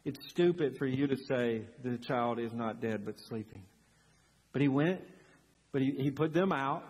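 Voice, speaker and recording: A man preaching a sermon as pastor, in an animated, conversational way full of rhetorical questions. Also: medium pitch, moderate pace. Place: church sanctuary. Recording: husky voice in a long-reverb church hall.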